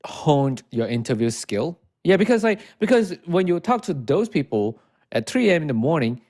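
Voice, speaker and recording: Male interviewer, fairly high and animated, jumps in with quick eager questions. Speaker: podcast producer and interviewer.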